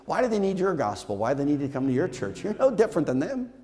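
A man's voice: a little high, wildly swooping pitch, fast talker, few pauses, dark tone. Emphatic male pastor in a reverberant hall. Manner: emphatic, repetitive, rhetorical questions. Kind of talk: sermon. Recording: long church hall reverb.

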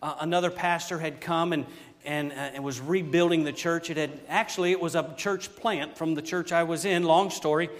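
Folksy preacher in an echoey church. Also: male voice, on the high side, normal speed. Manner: folksy, animated, exclaiming. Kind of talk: storytelling sermon.

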